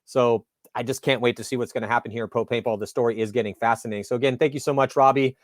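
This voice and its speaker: A man's voice: medium pitch, rapid-fire, no room sound. Dry-voiced man telling a story. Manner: animated storyteller acting out dialogue. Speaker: host. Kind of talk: casual interview and storytelling.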